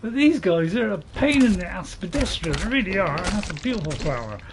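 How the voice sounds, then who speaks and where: Chatty man, lively pitch. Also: a little fast, noisy background. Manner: chatty, rambling, chuckles to himself. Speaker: gaming video host. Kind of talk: casual gameplay commentary.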